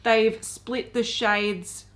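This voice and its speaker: A woman's voice: a little high, steady tone, drawn-out words, fairly bright tone. A woman co-hosting a beauty news show, running through product details in a casual, conversational way. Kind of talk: casual chat.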